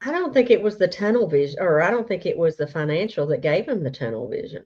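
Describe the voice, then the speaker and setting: A woman's voice: on the low side, big pitch swings, fast talker, dull audio. A woman co-hosting a casual true crime livestream, speculating and laughing often. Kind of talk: casual chat.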